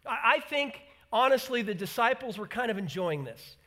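A man preaching a sermon in an animated way, acting out the voices he quotes and repeating words for emphasis. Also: very high-pitched, moderate pace. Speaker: pastor.

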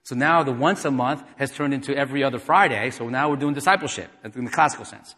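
A man preaching a sermon, telling a personal story and acting out the dialogue, dropping to a soft voice when moved. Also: medium pitch, fast talker. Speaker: pastor. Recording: echoey hall with long reverb.

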